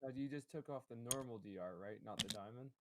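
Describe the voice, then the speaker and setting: A man's voice: mid-range voice, quick pace, a little mellow. A man playing a tabletop game, joking around and checking his numbers with the game master. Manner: joking, easygoing. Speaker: player. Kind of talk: casual game chat.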